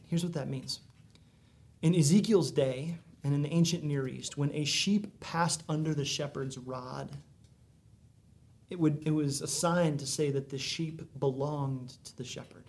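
A man's voice: fairly high pitch, moderate pace, a little mellow. Conversational man preaching a sermon. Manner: conversational preaching with many asides. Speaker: pastor.

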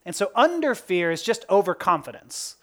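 Conversational woman preacher with a middle pitch. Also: moderate pace. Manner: conversational, animated, laughs at own jokes; asks rhetorical questions. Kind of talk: sermon.

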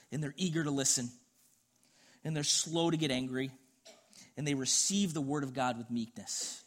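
A middle-aged man preaching a sermon, telling a personal story in an earnest, conversational way. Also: medium pitch. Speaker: pastor.

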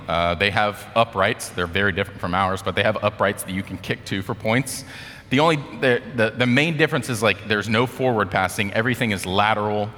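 A man's voice: fairly low pitch, bright, forceful tone, in a large hall. An American man giving a casual sermon, telling a story in a chatty way with lots of fillers. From United States. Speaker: speaker.

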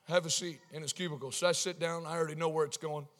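A man's voice: a little high, fairly even intonation, rapid-fire, a bit bright, long reverb tail. A male preacher telling a humorous story in his sermon, in a wry, conversational way.

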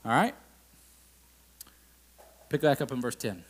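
A man's voice: medium pitch, very animated, takes it slowly. A man preaching a sermon in a conversational style, with asides and acted-out quotes. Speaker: pastor.

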